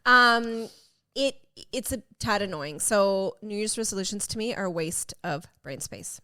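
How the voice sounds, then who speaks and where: A woman co-hosting a casual podcast chat, animated, laughing often and swearing casually. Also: mid-range voice, a little slow. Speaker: podcast co-host.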